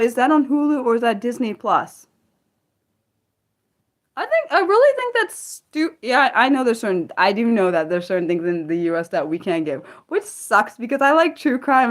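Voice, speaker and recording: A woman hosting an unscripted livestream, chatting and rambling with viewers and reacting loudly to the chat. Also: medium pitch. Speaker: livestream host.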